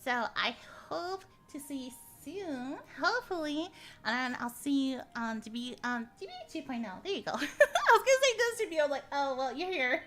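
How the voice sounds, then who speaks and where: A woman's voice: sits high, lively intonation, normal speed, a bit bright. A young woman streamer signing off her debut stream, chatting in a giggly, affectionate way. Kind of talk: casual stream sign-off chat.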